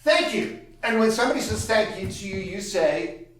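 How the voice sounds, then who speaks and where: A man's voice: high-pitched, a little fast. A man performing a solo comedy storytelling monologue on a small theater stage. He talks in a chatty, digressive, self-mocking way with dry comic asides. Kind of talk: live stand-up storytelling monologue. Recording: echoey theater, far from the mic, noisy.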